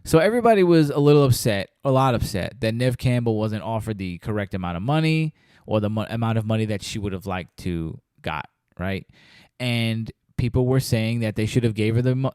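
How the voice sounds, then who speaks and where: A man's voice: lowish voice, lively intonation, a little fast, darkish tone, clean tone, no room sound, studio quality. A man hosting a podcast, chatting casually about a movie and acting out scenes in quoted voices. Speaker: podcast host. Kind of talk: casual movie review chat.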